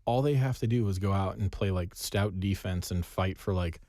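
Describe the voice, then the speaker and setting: A man's voice: sits low, normal speed, warm tone, no echo. A man co-hosting a casual sports chat, talking in a dry, wry way. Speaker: podcast co-host.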